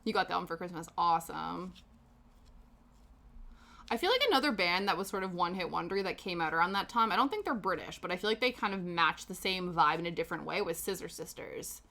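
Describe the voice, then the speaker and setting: Casting: woman host on a live stream, bright, crisp tone, loose rambling chat with viewers. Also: on the low side, animated, fast talker. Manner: chatty and rambling, answering chat with frequent laughs. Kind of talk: casual chat while knitting on stream.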